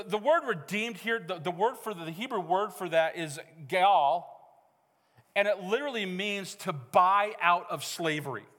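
A man's voice: high-pitched, a bit bright. A middle-aged man preaching a sermon as pastor, conversational and joking with the congregation. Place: church hall. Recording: reverberant church hall.

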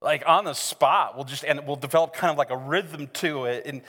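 An American man preaching a sermon to his church, talking conversationally and building to excited, rousing preaching. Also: fairly high pitch, moderate pace. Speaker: pastor. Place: church sanctuary. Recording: long reverb of a large hall.

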